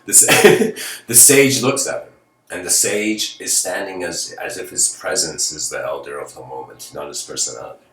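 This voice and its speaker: A man's voice: deep voice, normal speed, a bit bright. A man giving a philosophical lecture, telling a story in a casual, rambling way with many fillers like "you know.". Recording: roomy, distant mic, faint noise.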